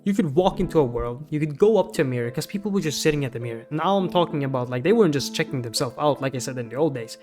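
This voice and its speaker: Rambling, swearing man with a high-ish voice. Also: lively intonation, quick pace, few pauses, over music. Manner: rambling, profane, exasperated. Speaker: VR gaming YouTuber. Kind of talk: ranting commentary.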